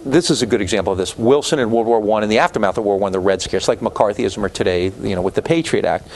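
A man lecturing on history to a class. His voice sits at an ordinary male pitch but jumps sharply upward when he gets indignant, and he often restarts his sentences. A faint hiss of noise runs under the recording. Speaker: history professor. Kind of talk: university lecture.

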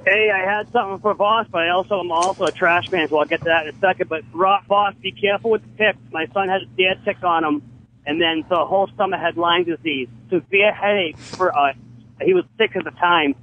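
High-voiced rambling male caller. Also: fairly even intonation, a little fast, muffled recording, slight background noise. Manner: rambling, eager storyteller. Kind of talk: casual call-in chat.

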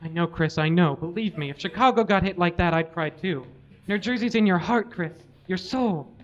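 A man doing a calm, murmuring president. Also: moderate pace, muffled recording, lightly acted. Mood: soothing. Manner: low gentle murmur. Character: calm soothing male president, middle-aged.

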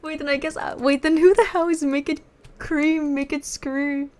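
A young woman hosting a casual gaming video, giggly and excitable as she chats with a friend. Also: sits high, moderate pace.

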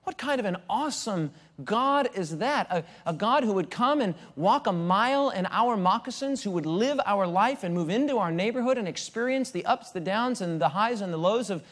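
A man preaching a sermon as a pastor, animated, asking rhetorical questions, often restarting his phrases. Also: sits high, moderate pace, hardly any pauses. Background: audience present.

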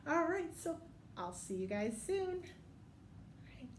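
Librarian for kids' story time: young woman, high bright pitch, slow and expressive, in an echoey room. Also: background noise. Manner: animated and warm, asks children to join in. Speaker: children's librarian. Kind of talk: children's story time reading.

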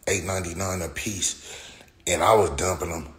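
A man with a low, steady, slightly bright voice talks at a moderate pace while streaming live. He tells stories casually in heavy slang, swearing a lot and laughing often. The recording has a roomy echo and faint background noise.

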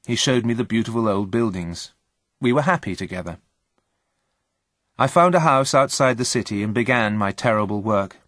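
A man reading a story aloud in a slow, plain and steady way. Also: on the low side, no echo, clean studio sound. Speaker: reader. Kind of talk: scripted story narration.

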